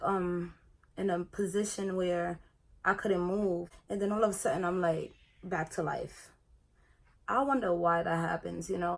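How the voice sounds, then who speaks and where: A young woman in a casual get-ready-with-me vlog, talking in a chatty, animated way while she does her makeup. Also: fairly low pitch, vocal fry. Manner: chatty and animated, retelling her own experience. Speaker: beauty vlogger.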